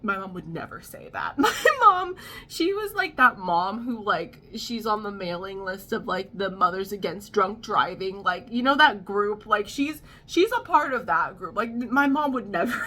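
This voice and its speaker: A woman's voice: mid-range voice, expressive, moderate pace, sharp tone. A young adult woman vlogging a casual storytime, rambling and wry with amused asides.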